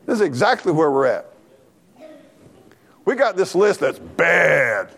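A man preaching an animated, folksy sermon in church, talking back and forth with the congregation and laughing along. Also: on the high side, measured pace, creaky. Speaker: pastor.

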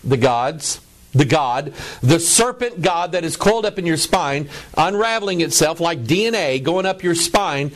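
A middle-aged man preaching a lecture to a broadcast audience, stressing words by drawing them out and often repeating himself. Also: on the high side. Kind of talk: preaching lecture over images.

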